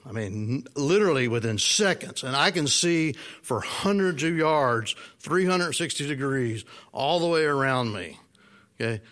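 A man preaching a sermon, telling a personal story in a folksy, animated way and asking the congregation questions. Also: medium pitch, normal speed. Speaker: pastor.

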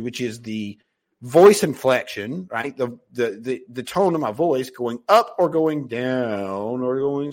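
A man hosting a podcast and coaching on sales, talking loosely with frequent swearing and many restarts. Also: a little high. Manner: loose, profane, many restarts and self-corrections. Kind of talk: casual motivational talk.

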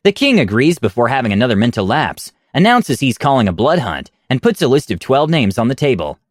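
Fairly quick, a man narrates a story aloud, his middle-pitched voice swinging widely with animation and punctuated by wry deadpan asides. It's recorded close and dry, without room sound or echo.

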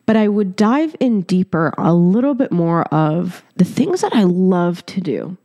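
A woman in her thirties, born in Egypt, hosting a solo podcast and telling a story in a lively, chatty way with frequent laughter. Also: fairly low pitch, a little slow, no room sound, lo-fi sound. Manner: animated storytelling, laughing often, casual swearing; talks directly to listeners as "your girl". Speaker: podcast host.

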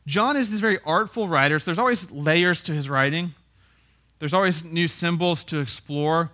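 A man's voice: on the high side, normal speed, sharp tone. A man preaching a conversational sermon as a pastor. He speaks in a casual, wry way and keeps checking in with tag questions.

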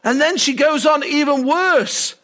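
A male pastor delivers a sermon with animated energy. He keeps asking the congregation questions. His voice sits unusually high for a man. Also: a little slow.

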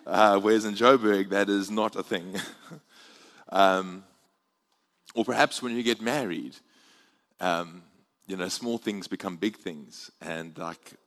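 A man's voice: sits low, slow pace, pauses often. A man giving a guest sermon in a chatty, joking way, mixing travel stories with scripture reading, his volume swinging up and down. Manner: chatty, jokey, animated swings in loudness. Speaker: guest preacher. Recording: live church hall with long reverb.

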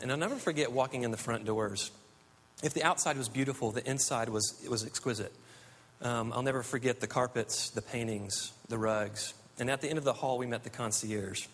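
Earnest preacher with long hall reverb. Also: male voice, medium pitch, a little fast, a bit bright. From United States. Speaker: pastor. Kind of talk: sermon.

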